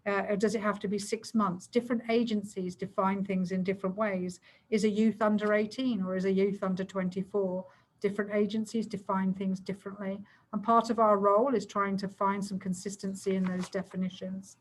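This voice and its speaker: Woman briskly presenting a plan to council. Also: medium pitch, level tone, poor audio. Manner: brisk, explanatory, rushed to fit the time. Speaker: community safety plan coordinator. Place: video call.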